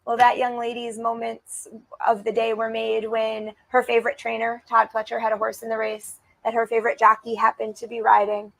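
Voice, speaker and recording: A woman's voice: fairly high pitch, monotone, fairly quick, vocal fry, a bit bright, no echo, low-quality recording. A woman in her thirties, a guest on a racing show, talking with heartfelt enthusiasm and frequent restarts. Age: 30s. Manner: gushing, heartfelt, with many restarts. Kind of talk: enthusiastic interview talk. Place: racetrack broadcast set.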